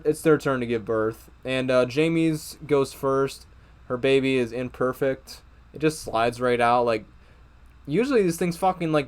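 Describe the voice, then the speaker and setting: Young man, casual TV review, profane, exasperated, filler-heavy rambling, middle pitch. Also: clean tone. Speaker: TV show reviewer.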